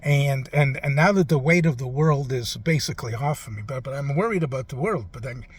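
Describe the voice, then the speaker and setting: A man playing a rambling, forgetful elderly president in a comic interview, halting and trailing off with lots of "uh". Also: mid-range voice, husky, natural voice.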